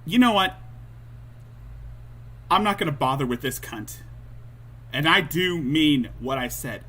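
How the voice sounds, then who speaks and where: A man's voice: fairly high pitch, lively intonation, a little slow, fairly bright tone, slightly rough. A man hosting a livestream, reacting to clips with angry, profane ranting. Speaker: livestream host.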